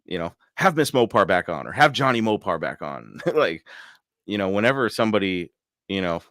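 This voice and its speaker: Deep-voiced, laughing podcast host man. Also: normal speed, no echo, clean studio sound. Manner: laughs often, excited and chatty. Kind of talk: casual live-stream chat.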